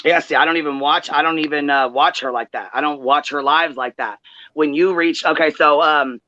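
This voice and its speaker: A woman hosting a livestream, telling a heated story in profane, animated detail and acting out quoted chats. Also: sits low, normal speed, no echo. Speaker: livestream host. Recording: dull lo-fi livestream audio.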